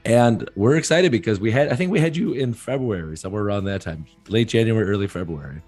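A man hosting a podcast interview, talking in a chatty, joking, eager way with a hoarse, rough voice. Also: on the low side, animated, fast, darkish tone, soft background music. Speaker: podcast host.

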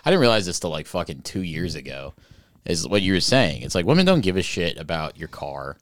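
A man's voice: sits low, big pitch swings, fairly quick, dry recording. A man co-hosting a podcast, chatting casually, teasing his co-host and swearing as he jokes. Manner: teasing, profane, joking.

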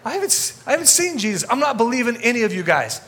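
A man's voice: very high voice, big pitch swings, fast talker, a bit bright, in a large hall, voice pushed up, exaggerated voice. A man voicing a skeptical, stubborn male disciple who bluntly refuses to believe. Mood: stubborn disbelief.

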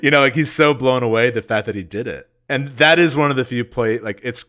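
A man co-hosting a casual book podcast, animated and jokey, loosely rambling with lots of fillers. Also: medium pitch, brisk. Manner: animated, jokey, reads passages aloud. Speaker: podcast co-host.

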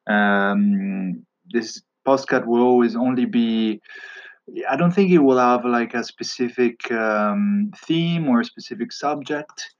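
A man's voice: medium pitch, slow. A young man with an Italian accent hosting his first podcast in a hesitant, filler-heavy casual talk. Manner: hesitant, many fillers and restarts. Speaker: podcast host. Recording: dull lo-fi sound.

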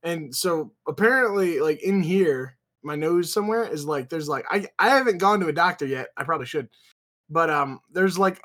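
Young male podcast co-host on a video call: loose, profane storyteller, a touch high-pitched. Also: fairly bright tone. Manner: rambling, profane, heavy use of filler "like". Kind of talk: casual chat.

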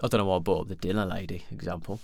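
A man's voice: low-pitched, fairly even intonation, very fast, vocal fry, breathy edge, no echo, studio quality. A young man hosting his own podcast, talking in a candid, rambling way and swearing casually. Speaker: podcast host. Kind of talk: solo podcast monologue.

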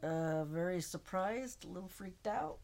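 Middle-aged woman, very low voice, slow pace, short plain answers, casual interview. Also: lively intonation, vocal fry, darkish tone. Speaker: guest, host's mother.

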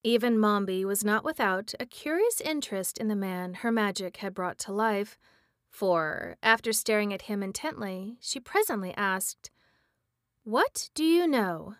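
A woman reading a storybook aloud, measured and expressive. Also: mid-range voice, no echo, clean studio sound. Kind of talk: storybook read-aloud narration.

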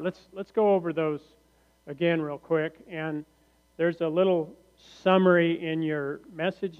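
A male pastor preaching a sermon in a church sanctuary, slow and deliberate, often posing rhetorical questions to the congregation. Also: sits high. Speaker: teaching pastor. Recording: reverberant hall, muffled lo-fi sound.

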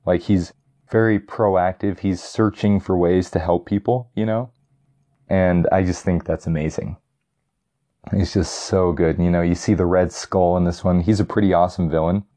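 A young man talks in a casual, rambling way, full of fillers and restarts, clearly enthusiastic about what he is ranking. His voice sits low and sounds mellow and relaxed. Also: moderate pace. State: getting tired. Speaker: vlogger ranking movies. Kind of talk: casual chat.

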